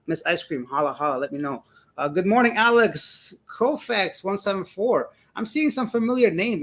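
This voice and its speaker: A man hosting a relaxed live stream, talking casually and laughing often. His voice sits a little high for a man. He greets viewers by name and answers their comments as they come in. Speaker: livestream host reading chat. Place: indoors, living in Cebu.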